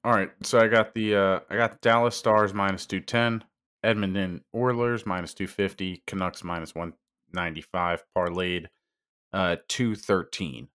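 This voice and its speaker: A man's voice: low voice, steady tone, normal speed, fairly bright tone, smooth. A man giving his betting picks on a casual podcast, hesitant and full of fillers. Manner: hesitant, fills with uh, trails off. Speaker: podcast regular. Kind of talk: casual sports betting chat.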